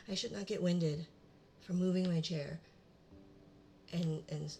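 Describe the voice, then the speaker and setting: A woman's voice: lowish voice, steady tone, unhurried, pauses often, noisy background. A young woman hosting a casual live stream from her home desk, rambling and muttering self-mocking remarks to herself as she sets up. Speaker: livestream host. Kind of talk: casual live-stream chat while setting up.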